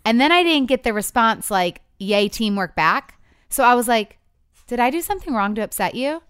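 A woman's voice: a little high, normal speed, smooth, no room sound, clean studio sound. A woman in her thirties telling a couple's story in candid chat, acting out the quotes as she goes. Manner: animated storytelling with voiced quotes.

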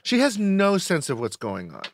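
Nasal, deadpan joking man podcaster. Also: high-pitched, moderate pace, slight background noise. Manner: deadpan joking, playful contrarian. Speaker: podcast co-host. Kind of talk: casual chat.

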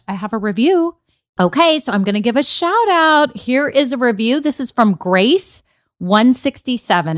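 A woman's voice: mid-range voice, no echo, studio quality. A young adult woman hosting a business podcast in an upbeat, emphatic way. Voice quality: bubbly, emphatic, animated. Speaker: podcast host.

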